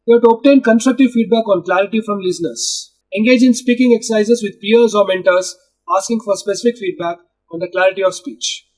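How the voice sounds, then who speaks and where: A husky man teaches by reading his notes aloud in a steady, list-like way. His voice sits high for a man. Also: rough recording.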